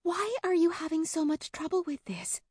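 A woman's voice: very high voice, very animated, moderate pace, darkish tone, no room sound, clean studio sound, voice pushed up. A woman voicing an ancient female vampire with the look of a ten-year-old, impatient and exasperated. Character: ancient female vampire in a child's body, stern.

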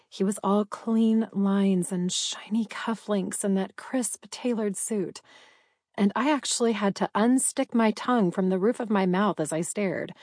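A young woman reading a first-person romance audiobook, expressive and breathless in the character's inner thoughts. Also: medium pitch, no echo, studio quality. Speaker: audiobook narrator.

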